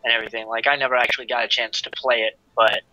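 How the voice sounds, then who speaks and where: A man chats frankly about games, hesitant and full of fillers. His voice is very bright and sharp, with a mid pitch. Faint music plays behind him. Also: flat delivery, very fast, no echo, lo-fi sound. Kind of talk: casual chat about gaming.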